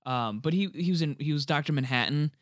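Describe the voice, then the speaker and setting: A young man chatting casually about a movie, animated and joking, swearing freely. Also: on the high side, no echo, studio quality. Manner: animated, swears freely, quick jokey asides.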